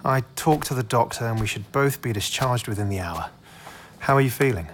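A man's voice: mid-range voice, animated, a little fast, a little hiss or hum, close to an everyday voice. An actor playing a loyal, level-headed male agent in a radio drama, speaking in a matter-of-fact way. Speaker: intelligence agent.

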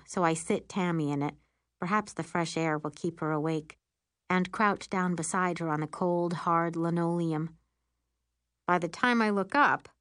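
A woman narrating a first-person audiobook in an expressive, wry storytelling manner. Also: on the low side, no echo, clean studio sound.

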